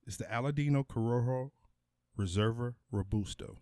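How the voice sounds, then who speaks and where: A man's voice: medium pitch, moderate pace, warm tone, no room sound, studio quality. A man co-hosting a podcast, easygoing and slangy, laughing often. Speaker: podcast co-host. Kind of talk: casual chat. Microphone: podcast mic in a small studio shed.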